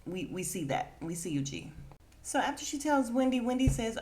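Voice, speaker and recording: A woman's voice: a little high, big pitch swings, moderate pace, darkish tone. A woman hosting a podcast who recaps a reality show in a casual, gossipy way, laughs often and acts out the quotes. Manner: acts out quotes in put-on voices. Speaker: podcast host.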